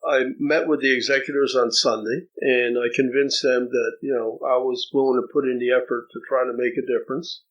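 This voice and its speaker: A man's voice: mid-range voice, little pitch movement, fairly quick, few pauses, lo-fi sound. An older man from New Jersey, an interview guest telling a personal story in a reflective way, often repeating words as he starts sentences.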